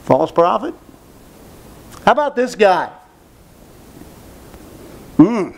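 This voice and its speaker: Slow, high-voiced male preacher. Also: very animated, gravelly. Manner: emphatic, asks rhetorical questions, repeats phrases. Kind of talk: sermon.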